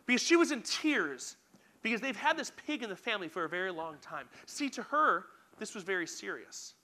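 Young man, youth speaker, bright tone, self-deprecating, animated storytelling sermon. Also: sits high, brisk.

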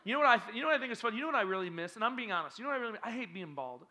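Rapid-fire and high-voiced, a man plays youth pastor to a group of children in a church hall, teasing them energetically and quizzing the crowd with playful questions.

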